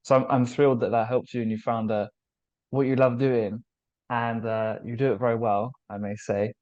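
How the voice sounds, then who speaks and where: A British man hosting a relaxed video chat, his voice sitting in a middle pitch. He talks in an upbeat, chatty way with quick asides. The call audio is dull and lo-fi. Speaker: host, language teacher. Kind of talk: casual video interview.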